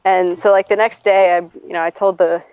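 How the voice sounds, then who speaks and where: A woman's voice: fairly low pitch, fairly even intonation, normal speed, darkish tone, clear, resonant tone, no echo. A woman in her twenties chatting casually and telling personal stories, blunt and profane, often laughing as she talks. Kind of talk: casual chat, personal storytelling. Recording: slightly dull, dry recording.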